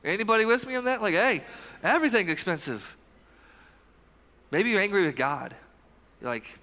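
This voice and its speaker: Bright high-voiced pastor, joking sermon. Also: male voice, animated, long reverb tail. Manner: conversational, talks straight to the congregation with quick asides. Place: church sanctuary, live service.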